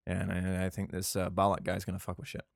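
A man's voice: low voice, completely flat delivery, fast talker, creaky, dry recording, clean studio sound. A male podcast host reads scripture aloud. He stumbles over words and breaks off for profane, irreverent asides. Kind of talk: casual scripture reading with commentary.

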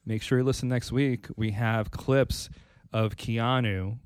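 A man co-hosting a casual podcast chat, crude and joking, getting excitable. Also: medium pitch, unhurried, clean tone, no room sound, clean studio sound. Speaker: podcast co-host.

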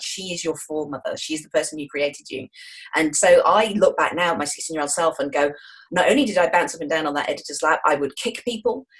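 A woman in her forties, a guest in an interview, telling stories in a frank, jokey, lively way. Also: lowish voice. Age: 40s. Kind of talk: interview chat.

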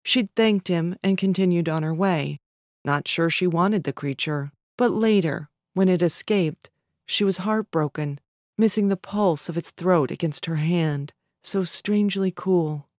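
A woman narrating literary fiction in a measured, even storytelling manner. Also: on the low side, no echo, studio quality.

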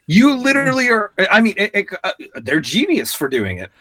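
A man in casual podcast chat, talking animatedly and swearing often, acting out quotes with sudden shouts. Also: high voice, wildly swooping pitch, fairly quick.

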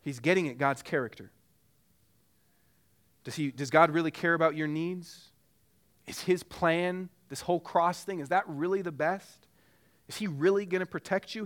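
A man's voice: a little high, a bit bright. A man preaching a sermon as pastor, earnest and pressing with repeated rhetorical questions.

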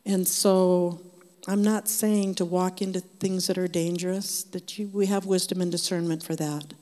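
Low-voiced older woman sharing testimony. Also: little pitch movement, moderate pace, mellow. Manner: earnest, conversational storytelling. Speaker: member of a church group sharing. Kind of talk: personal faith testimony. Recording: long hall reverb.

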